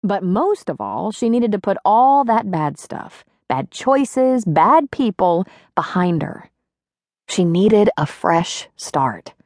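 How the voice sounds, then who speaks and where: A woman narrating an audiobook in an expressive, wry storytelling manner. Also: fairly low pitch, a little slow, no room sound, clean studio sound. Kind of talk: scripted narration.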